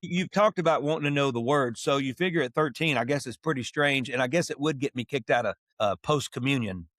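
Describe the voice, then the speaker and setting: A man's voice: mid-range voice, fairly quick, no echo, studio quality. A man in his sixties, a podcast co-host and musician, telling stories in casual chat and acting out the dialogue he quotes. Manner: animated, acts out quoted dialogue.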